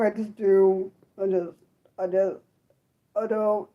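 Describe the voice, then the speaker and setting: A young adult woman chatting casually on her livestream, apologetic and self-deprecating, swearing a lot and swinging from high laughing squeals to low mutters. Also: measured pace, muffled recording. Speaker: livestream host. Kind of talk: unscripted livestream chat with viewers.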